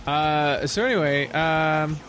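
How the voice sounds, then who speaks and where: A man's voice: on the high side, a bit bright, faint music behind. Wisecracking man on a podcast. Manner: wisecracking, quick puns. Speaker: podcast co-host. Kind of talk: casual podcast chat.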